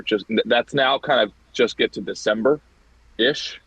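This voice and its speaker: A young man co-hosting a podcast in casual chat, telling stories in an animated, easily amused way. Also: lowish voice, measured pace, husky, dry recording. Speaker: podcast co-host. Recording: dull, dry sound.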